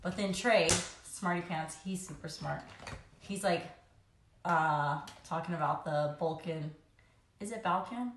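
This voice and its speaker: Young mom vlogger, chatty and rambling, a little low-voiced, filmed on a phone in an echoey room. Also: female voice, unhurried, noisy background. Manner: chatty, rambling, laughs often. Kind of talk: casual chat while doing makeup.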